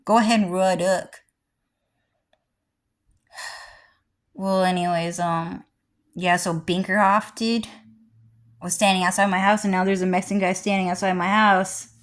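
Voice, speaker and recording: Woman vlogger, erratic profane ranter, loud bursts then muttering asides. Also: mid-range voice, flat delivery, a little slow, pauses often. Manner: heavily profane, rambling and erratic, swinging between loud and muttered. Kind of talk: rambling livestream rant.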